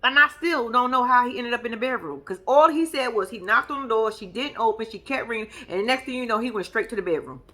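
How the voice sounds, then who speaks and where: A young woman, casually and profanely recapping a reality show with sassy, animated storytelling. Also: fairly high pitch, fast talker, hardly any pauses.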